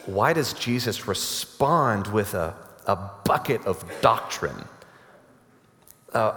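A man preaching a sermon to a congregation, earnest and emphatic, building to forceful climaxes. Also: mid-range voice. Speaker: pastor. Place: church sanctuary. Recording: long hall reverb.

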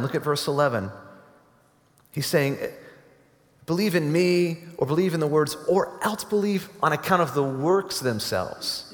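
A man preaching a sermon to a congregation, earnest and emphatic, building to forceful climaxes. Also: fairly high pitch. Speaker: pastor. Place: church sanctuary. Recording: long hall reverb.

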